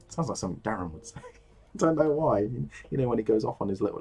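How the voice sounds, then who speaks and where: A man's voice: on the low side, lively intonation, fairly quick, gravelly, long pauses, warm tone, slightly rough. Rambling, swearing man muttering at his desk. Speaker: miniature painting hobbyist. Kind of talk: casual running commentary while crafting.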